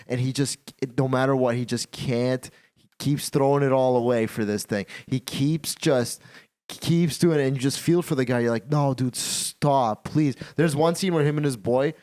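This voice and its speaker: A man hosting a casual podcast chat, talking in an animated, repetitive way and swearing freely. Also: mid-range voice, brisk. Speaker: podcast host.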